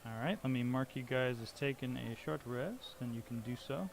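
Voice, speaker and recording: A man running a tabletop game as game master, narrating in a measured, matter-of-fact way. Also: medium pitch, gravelly, background noise.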